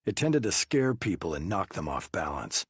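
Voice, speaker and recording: A man narrates an audiobook in the first person with a measured delivery. His low voice is husky yet lively in pitch, and the recording is very dry. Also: no room sound.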